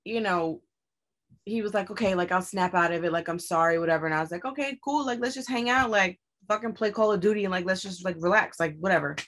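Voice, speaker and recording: A woman's voice: fairly even intonation, quick pace. Blunt, profane young woman telling a story. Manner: candid and profane, acts out her own quoted lines with sharp rises in pitch. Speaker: guest telling her story. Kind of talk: casual storytelling in conversation.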